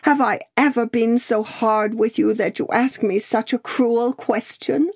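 A woman's voice: sing-song, slow pace, darkish tone, no echo, clean studio sound. A woman reading the part of a loving Englishwoman, crying and calling out to her brother. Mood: distraught. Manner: crying out, high and emotional. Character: tearful, loving Englishwoman, emotional and loud.

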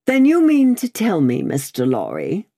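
Brief: a proud, bullying male lawyer, read by a woman, indignant, with a lively swooping pitch. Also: moderate pace, gravelly, dry recording, studio quality, exaggerated voice. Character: blustering proud middle-aged male lawyer. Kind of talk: audiobook character voice.

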